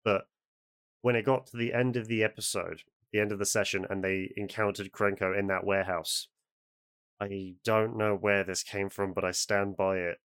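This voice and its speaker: Casual co-host: man, low resonant voice, dry close sound, eager rambling storyteller. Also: flat delivery, normal speed, fairly bright tone, clear, resonant tone, dry recording. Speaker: podcast co-host and game master. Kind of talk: casual chat.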